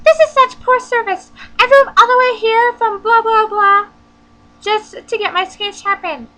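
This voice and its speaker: Woman doing a screeching irate cartoon shopper, piercing high voice. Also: unhurried, sharp tone, exaggerated voice, rough recording. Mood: outraged. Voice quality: shrill, screeching. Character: shrieking angry cartoonish woman customer.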